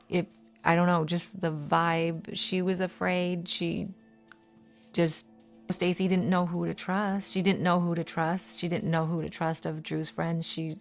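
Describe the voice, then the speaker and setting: A woman being interviewed, recalling a frightening night in a halting way and repeating her phrases. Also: lowish voice, vocal fry. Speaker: interviewee, relative of the victim. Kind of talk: emotional recollection.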